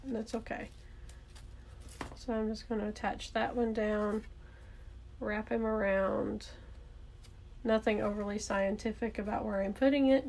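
A woman's voice: mid-range voice, vocal fry, a little mellow, slight background noise. A woman with a Southern accent, casually talking through a card-making demonstration, thinking aloud and correcting herself as she works. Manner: chatty, thinks aloud while working, self-correcting.

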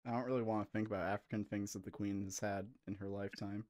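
A man's voice: on the low side, level tone, fast talker, a little mellow, no room sound, clean studio sound. A man hosting a live-streamed comedy talk show, sounding playful and exasperated. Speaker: host.

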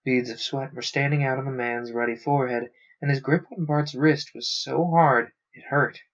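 A man narrating a science fiction novel aloud on a stream, steady with small stumbles. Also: mid-range voice, normal speed. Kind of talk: audiobook-style reading. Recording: dull lo-fi sound.

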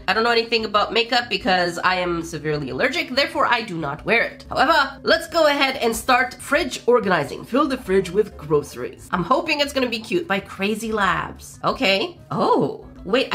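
Playing a mobile game on her gaming channel, this woman keeps things casual, playful and expressive, making joking remarks to her viewers as her pitch leaps around.

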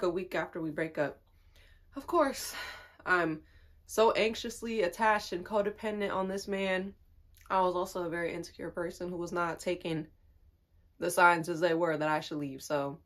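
A woman's voice: on the low side, fairly bright tone. A young woman telling a personal story in a casual, confiding way, often laughing as she talks. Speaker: vlogger.

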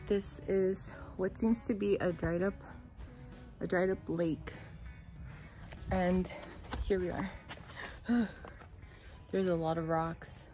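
A young woman vlogs from an outdoor trail with a phone camera, talking in a chatty, easygoing way. Her voice sits a little low for a woman. She speaks slowly and pauses as she looks around. She describes whatever she sees along the way. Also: steady tone, dark tone, faint music behind. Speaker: vlogger on a honeymoon hike. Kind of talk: casual vlog chat. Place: outdoor nature trail by a creek.

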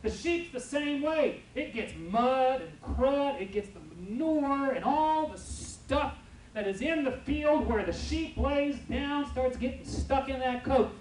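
A male pastor preaching a lively, humorous sermon full of stories and asides to his congregation, recorded in a church. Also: extremely high pitch, slow pace. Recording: roomy church from far off, faint noise.

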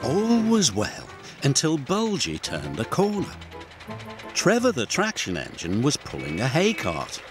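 A British man narrating a children's storybook with warm, expressive telling. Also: medium pitch, measured pace. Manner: warm, expressive storytelling with many character voices. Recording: studio voice-over with music underneath.

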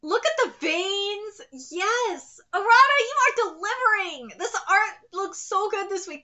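A woman's voice: extremely high pitch, animated, measured pace, few pauses, bright, forceful tone, highs cut off. A woman streamer gushing and exclaiming as she reacts live to a manga chapter.

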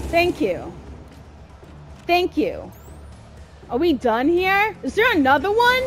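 A woman streaming a game, her high voice swinging up and down as she grumbles and swears at the screen in casual slang. She drawls her words out, and faint game music runs behind her. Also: sing-song, slow, long pauses, noisy background. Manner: exasperated, swearing, talking back to the game. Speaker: gameplay streamer. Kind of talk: live gameplay commentary.

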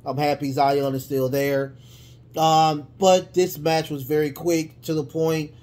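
A man talking through a wrestling recap in loose, casual speech. His voice sits a little higher than most men's. He rambles, stumbles over restarts and fills gaps with "uh" and "um", then lights up with excitement. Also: a little slow. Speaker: wrestling show reviewer.

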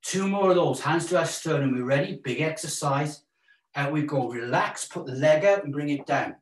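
Here a Welsh man instructs a live workout at a moderate pace, cheerful and jokey, encouraging everyone while counting the steps and calling out the breaths. For a man, his pitch is fairly high. The mic is far away, so the sound is roomy and echoey.

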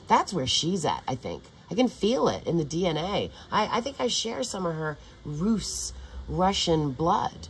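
An older woman with a low voice rambles through a casual monologue, her pitch rising and falling widely. She restarts sentences often and swears without a second thought. Her talk wanders from one thought to the next. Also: very animated, a little slow, slight background noise, rough recording. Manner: meandering, profane, with frequent restarts. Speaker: vlogger.

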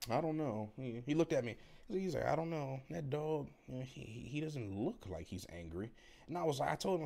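Man, young adult, deep voice, casual rambling storytelling, blunt and profane. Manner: rambling, profane, animated when quoting others. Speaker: delivery driver vlogger.

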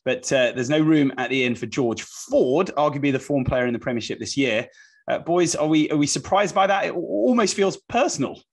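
A man's voice: a little high, animated, fairly quick, breathy edge. A man hosting a sports podcast, presenting and bantering in an upbeat way. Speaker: podcast host.

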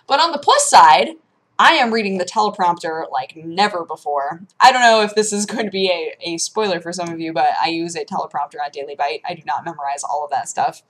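A woman chatting casually to camera in a home vlog, rambling and animated, with lots of fillers and restarts. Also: mid-range voice, moderate pace. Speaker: vlogger. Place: home room.

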